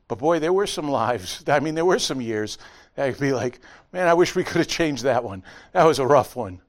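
A middle-aged man preaching a sermon as pastor, telling stories with lively impressions. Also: mid-range voice, normal speed. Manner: animated storytelling with honking impressions.

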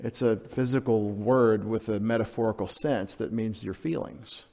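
A man's voice: fairly low pitch, fairly even intonation, moderate pace, vocal fry, warm tone. A man preaching a sermon as pastor, conversational and emphatic, often asking the congregation questions.

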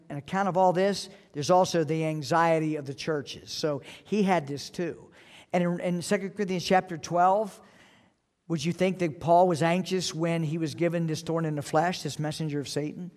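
Man, pastor, fairly high voice, earnest emphatic sermon, long hall reverb. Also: a little mellow. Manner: earnest, emphatic preaching with repeated phrases. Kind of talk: evening sermon.

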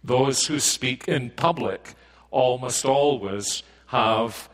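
A Scottish man delivering a sermon at an unhurried, very slow pace. His voice sits at an ordinary pitch, and his delivery is measured and deliberate, with frequent pauses. He lifts his voice to stress key points. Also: fairly bright tone, low-quality recording. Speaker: preacher.

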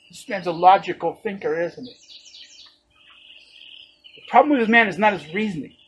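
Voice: mid-range voice, moderate pace, a little hiss or hum, poor audio. A preacher delivering a sermon, emphatic and fond of rhetorical questions.

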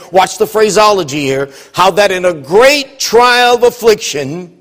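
High voiced guy preaching at a church conference, builds up loud and emphatic, talks straight to the congregation. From United States. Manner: preaching cadence, rising to emphatic calls. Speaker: visiting missionary preacher. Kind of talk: sermon.

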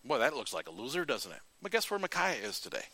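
A male preacher who retells scripture with animated, folksy asides, in a bright and forceful voice. The recording is close and dry, with almost no room sound. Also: medium pitch, quick pace, no room sound. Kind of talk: sermon.

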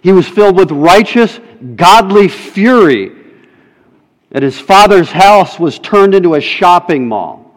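A man's voice: sits high, animated, normal speed, hardly any pauses. A man preaching a sermon emphatically, putting rhetorical questions to his congregation. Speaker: pastor. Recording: long reverb in a hall.

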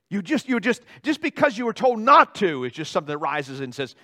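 A male pastor preaching a sermon in a church, animated, swinging between loud dramatic outbursts and quiet asides. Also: high voice, a little fast, hardly any pauses. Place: church sanctuary.

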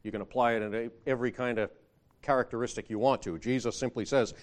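A man delivering a sermon in an easygoing, conversational manner. His voice sits at an ordinary middle pitch. He swells louder and higher when he quotes scripture, then drops back to explain it, often closing with a rhetorical question. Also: brisk. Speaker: preacher.

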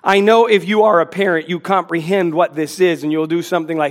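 A man preaching a sermon to a congregation, earnest and pleading, with quick asides to the listeners. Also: high voice, lively intonation. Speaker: pastor. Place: church in front of a congregation.

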